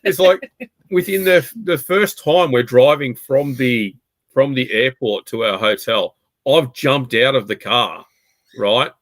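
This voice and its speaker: A man's voice: mid-range voice, a little slow, dry recording, low-quality recording. Male podcast host: a blunt, profane storyteller who acts out the lines, with a mid-range voice recorded close and dry. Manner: animated anecdotes, swears freely, acts out quotes. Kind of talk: casual chat.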